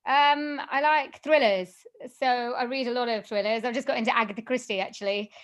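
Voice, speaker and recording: Chatty woman with a higher voice. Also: a little fast. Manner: chatty and animated, laughs often, many fillers. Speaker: guest, voiceover artist and singer. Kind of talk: casual podcast interview.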